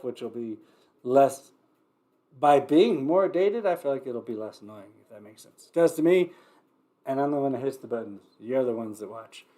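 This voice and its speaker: A man's voice: mid-range voice, mellow. Rambling male livestream host. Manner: rambling, digressive, with wry asides and swearing. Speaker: livestream variety show host. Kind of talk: casual rambling livestream chat.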